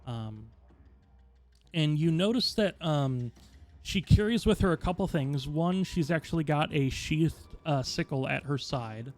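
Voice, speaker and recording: A man's voice: on the high side, animated, a little slow, a little mellow, soft background music. Rambling man as game master. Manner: rambling, filler-heavy description. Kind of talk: narrating a tabletop game.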